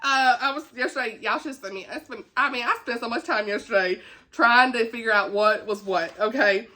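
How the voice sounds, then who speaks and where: Bright chatty Southern woman. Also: a little high, brisk. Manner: chatty and folksy, laughs often, says "y'all" and "honey". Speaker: book vlogger. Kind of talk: casual chat.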